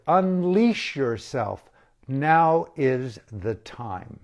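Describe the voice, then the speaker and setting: A man giving an impassioned spoken address as an activist, slow and emphatic, with dramatic pauses and repeated phrases. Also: a little high, animated, darkish tone. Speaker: activist speaker.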